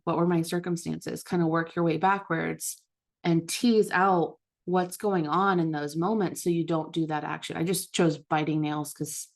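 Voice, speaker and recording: A mother leading a book study, talking in a gentle, reflective, casual way about her own habits. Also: low voice, vocal fry. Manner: gentle, self-reflective, with occasional laughs. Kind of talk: reflective casual teaching talk.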